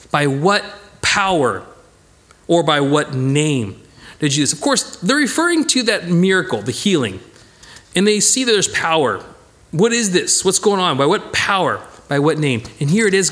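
A male Bible teacher leading a casual study, speaking with emphatic energy and addressing his group directly. His voice sits high and swings widely in pitch as he drives home each point. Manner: animated, emphatic, talks to listeners as "guys".

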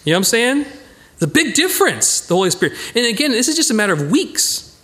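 A man teaching an informal Bible study, emphatic and animated, talking straight to his listeners as "guys". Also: very high voice, quick pace.

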